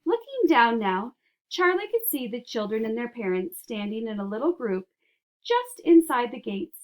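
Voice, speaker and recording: Woman narrator, children's audiobook; expressive, animated, slightly high voice. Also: normal speed.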